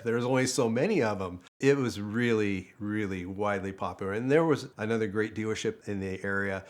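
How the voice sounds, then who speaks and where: A man's voice: on the low side, a little fast, few pauses. Chatty older man telling a story. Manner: chatty, quotes others in lively voices, laughs often. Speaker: storyteller, former car dealership manager. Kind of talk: casual anecdote.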